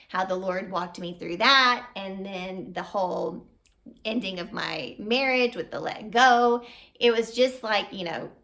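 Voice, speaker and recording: A woman in her thirties shares her own testimony from her kitchen table, speaking earnestly and from the heart. Her voice has a gravelly, creaky texture at a middle pitch. She talks straight to her viewers, urging them on with warmth of conviction. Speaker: vlogger sharing a faith testimony. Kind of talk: personal testimony to camera. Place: home, at a table.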